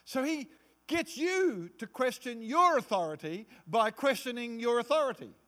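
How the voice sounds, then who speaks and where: A male pastor preaching a sermon, acting out quotes in different voices and dropping to a low hush for emphasis. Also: animated, moderate pace.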